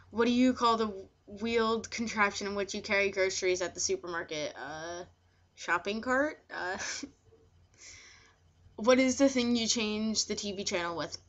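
A woman's voice: medium pitch, a bit bright, lo-fi sound. Hesitant woman. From New Jersey. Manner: hesitant, with frequent fillers. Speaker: vlogger. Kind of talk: casual word-list reading.

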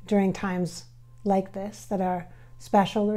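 Soft-spoken halting woman with a mellow voice. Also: medium pitch, level tone. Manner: halting, filler-heavy, addresses viewers directly; often drops to soft, near-whispered asides. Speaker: spirit medium. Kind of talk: casual channeling session.

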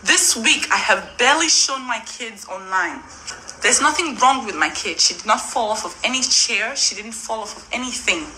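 A young woman from Africa speaks to her camera in a raw, indignant rant. Her voice sits a little high and catches with emotion as she repeats her points. Steady background noise runs under the whole recording. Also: moderate pace, rough recording. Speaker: vlogger.

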